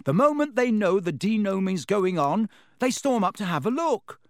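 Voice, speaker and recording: A man's voice: high-pitched, very animated, normal speed, no echo, studio quality, voice pushed up. A man voicing a cheeky, cocky teenage twin in a storybook reading.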